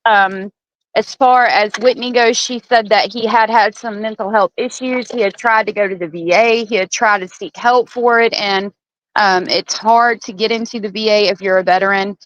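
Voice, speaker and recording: A woman's voice: medium pitch, steady tone, normal speed, a bit bright, dry recording. A woman guest on a live true crime chat speaks in a mid-range voice. She is hesitant and sympathetic, leaning on fillers as she sorts her thoughts. The audio is dull and dry. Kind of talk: casual chat.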